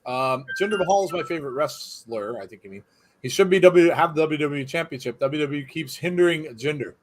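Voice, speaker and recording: A slightly high-voiced man hosts a live watch-along stream. He chats loosely and cracks jokes, riffing on viewer comments as they come in. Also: animated, brisk, a little hiss or hum. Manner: chatty, jokey, reads viewer comments aloud.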